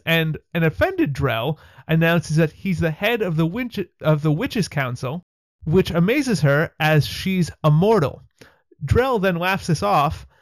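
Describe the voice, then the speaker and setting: A man's voice: a little high, dry recording. A man hosting a podcast, recapping a TV episode with a wry, chatty delivery. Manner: wry, chatty narration with laughs. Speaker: podcast host.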